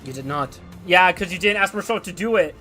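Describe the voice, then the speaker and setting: A young man streaming a game, reading its story aloud and reacting excitedly. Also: high-pitched, fairly quick, faint music behind.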